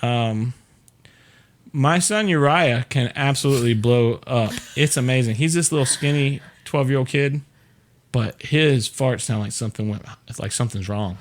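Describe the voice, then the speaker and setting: A man's voice: mid-range voice, normal speed. A middle-aged man hosting a casual chat show, joking and rambling with lots of fillers. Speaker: show host.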